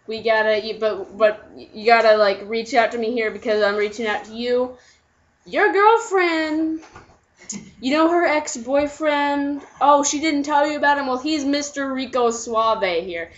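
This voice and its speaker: A woman's voice: fairly high pitch, expressive, unhurried, fairly bright tone. A young woman casually telling a story on camera, chatty and giggly, acting out her friends' lines. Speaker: vlogger. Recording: dull lo-fi home recording.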